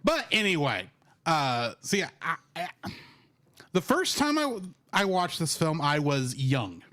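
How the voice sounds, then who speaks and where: A man co-hosting a casual film review podcast, teasing his co-host in a wry, deadpan way. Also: a little high, a little slow.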